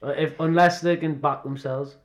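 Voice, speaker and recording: A man with a slightly high voice trades stories and jokes in a loose podcast chat. He swears freely and laughs often, carrying the conversation with quick banter. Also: steady tone. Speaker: podcast co-host. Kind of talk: casual chat.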